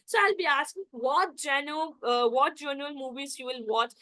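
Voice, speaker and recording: High-voiced woman teacher. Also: a little slow, sharp tone, poor audio. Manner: repetitive, addresses class as guys, many fillers. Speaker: spoken English teacher. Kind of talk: online class lecture.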